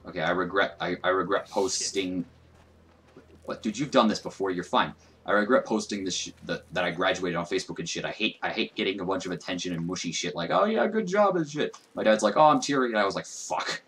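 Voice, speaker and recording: Deep-voiced young man doing gaming commentary. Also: steady tone, quick pace, fairly bright tone. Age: young adult. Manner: casual, profane, self-mocking banter. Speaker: gaming YouTuber. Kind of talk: let's play commentary.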